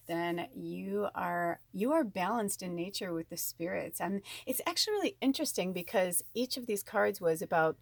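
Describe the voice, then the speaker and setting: A woman giving a casual spiritual card reading, chatty and rambling with frequent ums, warm and encouraging toward her viewers. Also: fairly low pitch, normal speed, gravelly, hardly any pauses, no echo.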